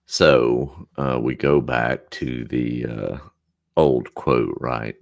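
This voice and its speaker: A man with an extremely deep voice and a gravelly, creaky edge chats casually on a livestream from his room at home. He speaks slowly and sounds distracted and apologetic as he fiddles with his setup. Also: fairly even intonation. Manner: distracted, apologetic, fixing his audio on air. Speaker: livestream host.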